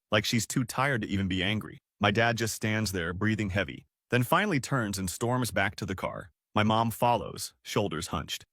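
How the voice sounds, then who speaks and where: A man reading a first-person story aloud in a plain, steady storytelling tone. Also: on the low side, no echo, clean studio sound. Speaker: narrator.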